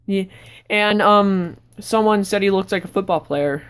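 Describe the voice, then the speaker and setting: A woman vlogger giving a casual, rambling tour of her sketchbook, breaking into sudden excited outbursts. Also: mid-range voice, a little slow, clean tone.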